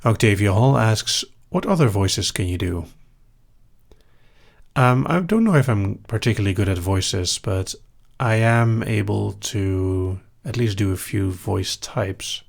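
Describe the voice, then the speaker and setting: Dutch man, Dutch accent, low gravelly voice, calm, dry humor, live question-and-answer host. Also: a little slow. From Netherlands. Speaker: hypnosis show host. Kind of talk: live Q&A reading chat questions.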